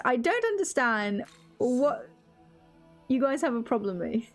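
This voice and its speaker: A woman's voice: a little high, very animated, takes it slowly, pauses often, faint music behind. A young woman streaming a game, chatting casually with viewers in a rambling, swearing, off-the-cuff way. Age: young adult. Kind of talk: casual live-stream chat while gaming.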